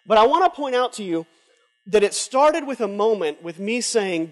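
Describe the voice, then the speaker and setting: A man's voice: sits high, lively intonation, normal speed. Impassioned male preacher in echoing hall. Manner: impassioned, swinging between loud urging and hushed confession. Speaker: conference speaker. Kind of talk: sermon. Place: large conference hall with a live audience. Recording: long hall reverb from a live event.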